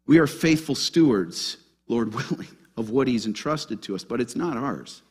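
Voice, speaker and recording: A male pastor preaching a sermon in a church, with an animated delivery that puts questions to the congregation. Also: medium pitch, moderate pace, slightly rough.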